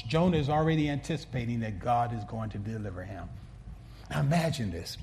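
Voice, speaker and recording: A male pastor preaching a sermon in an earnest way, often restarting words and swinging between soft asides and emphatic peaks. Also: mid-range voice, a little hiss or hum.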